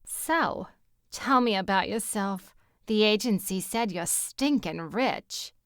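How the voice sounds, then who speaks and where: A woman's voice: mid-range voice, expressive, slow pace, a bit bright, no room sound, clean studio sound. A woman voicing a brash, self-absorbed woman on a date, with a Bronx accent and a gushing, over-eager way of talking.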